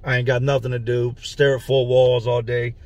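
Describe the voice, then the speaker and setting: A man's voice: medium pitch, flat delivery, moderate pace, no echo. A man telling a story from his own prison time in a casual, slangy way, stopping to explain terms. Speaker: storyteller recounting prison life.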